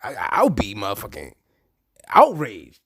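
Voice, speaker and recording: A man hosting his own podcast in a casual, profane monologue, swinging between low murmurs and loud animated bursts. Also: normal speed, breathy edge, dry recording, clean studio sound. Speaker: podcast host.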